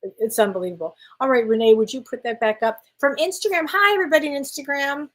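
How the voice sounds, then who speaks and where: A woman's voice: high-pitched, fast, low-quality recording. A middle-aged woman hosting a casual livestream as a spiritual medium, chatty and effusive, reading viewers' comments aloud and answering them.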